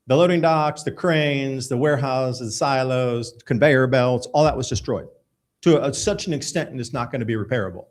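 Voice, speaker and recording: A man's voice: medium pitch, moderate pace. Casual emphatic male radio host. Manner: casual, emphatic, talking while pulling up articles. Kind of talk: live radio show commentary.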